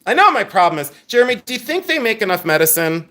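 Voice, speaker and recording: A man's voice: sits high, big pitch swings, fast, bright, forceful tone. Chatty man hosting a live jewelry sale. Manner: chatty, joking, candid, swings from playful to earnest. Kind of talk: casual livestream selling chat. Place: coffeehouse.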